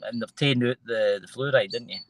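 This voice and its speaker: A man's voice: medium pitch, fast talker, a little hiss or hum, low-quality recording. A man with a Scottish accent hosting a casual chat show, rambling and trailing off mid-sentence. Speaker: host.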